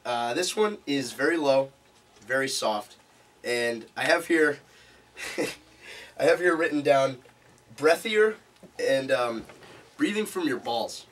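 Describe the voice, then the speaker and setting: A man's voice: mid-range voice, slow, long pauses. Man lecturing to a group from a distance. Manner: animated, demonstrates vocal tones while explaining. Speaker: seminar presenter. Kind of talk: live seminar talk to a small group. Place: meeting room. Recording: distant mic with faint room noise.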